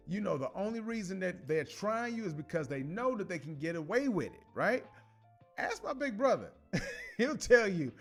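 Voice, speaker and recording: Sex: man. Role: commentary host. Style: casual talk. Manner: animated, laughing. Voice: fairly high. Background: faint music. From Chicago. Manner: animated, laughs often, many restarts and slang.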